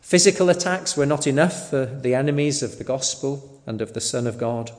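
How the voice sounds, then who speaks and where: A man preaching a sermon in a slow, deliberate way, sometimes asking the listeners rhetorical questions. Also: mid-range voice. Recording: long hall reverb.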